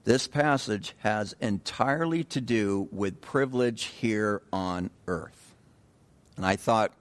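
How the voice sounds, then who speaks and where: Man teaching a casual Bible study. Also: lowish voice. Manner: conversational, repeats words, restarts phrases, asks the group questions.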